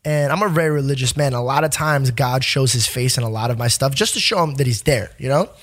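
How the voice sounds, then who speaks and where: A young man in his twenties, a podcast guest telling a story in casual chat, animated and profane, laughing often and acting out what people said. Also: mid-range voice, fast talker, dry recording, studio quality.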